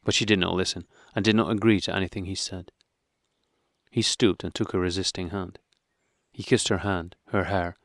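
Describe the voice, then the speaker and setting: A male audiobook narrator reading a classic novel with measured, even delivery. His voice sits low. The recording is dry and close, with no room sound. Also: no room sound.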